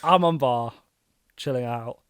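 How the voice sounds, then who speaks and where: A man's voice: mid-range voice, unhurried, a bit bright, smooth, no room sound, studio quality. A man in casual podcast chat, telling a story animatedly and laughing as he goes. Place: small room.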